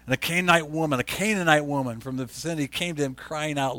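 A man preaching a sermon, reading scripture with asides and swinging from tearful and hushed to loud and urgent. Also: on the high side, fast talker, hardly any pauses, dry recording. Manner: reads scripture aloud with asides to the congregation.

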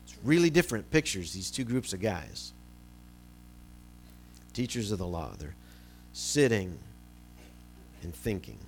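A man preaching a sermon, his pitch leaping and dropping as he retells a Bible story. He swings from loud, pressing emphasis to quiet, low asides. A faint hum sits under the recording. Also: sing-song, a little slow, pauses often. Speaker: pastor.

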